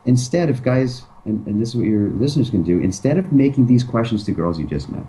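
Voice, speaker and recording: A man's voice: mid-range voice, lively intonation, fairly quick, dark tone, poor audio. A man talking casually as an interview guest, emphatic and acting out pickup lines. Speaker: dating advice guest.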